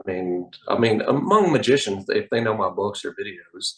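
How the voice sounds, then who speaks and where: A man, a magician guest telling animated anecdotes on a podcast. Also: fairly low pitch, moderate pace, poor audio. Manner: animated anecdotes, acts out quoted voices. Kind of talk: casual interview storytelling. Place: podcast studio.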